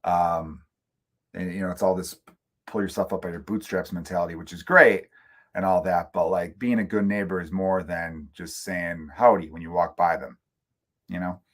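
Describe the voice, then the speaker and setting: A man's voice: sits low, fairly even intonation, normal speed, fairly bright tone. A middle-aged man hosting his own comedy podcast from home, rambling through opinions in a casual rant and swearing freely. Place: room at home.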